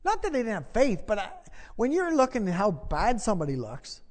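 A man's voice: high voice, wildly swooping pitch, a little fast. A man preaching a sermon, telling a personal story and then rising into impassioned calls to believe. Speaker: pastor. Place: church. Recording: long church reverb.

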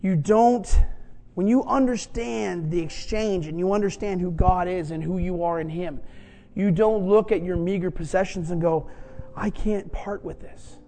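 Animated high-voiced preacher man. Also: normal speed. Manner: animated storyteller, acting out quoted voices. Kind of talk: sermon storytelling.

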